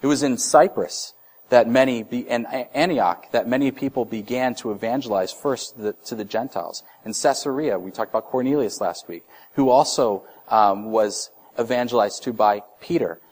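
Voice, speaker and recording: A man in his thirties delivers a sermon in a relaxed, conversational way. His voice sits at a middle pitch, and he often restarts phrases as he works through his ideas. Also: moderate pace. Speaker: pastor.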